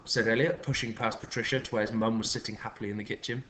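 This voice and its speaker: A man, a teacher reading a children's story aloud in an expressive, lively way. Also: on the low side, fast talker, hardly any pauses.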